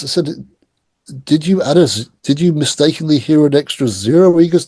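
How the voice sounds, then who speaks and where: A middle-aged man telling stories in a casual interview, animated and acting out the voices of people he quotes. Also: a little high, brisk, husky, no room sound. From England. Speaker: guest.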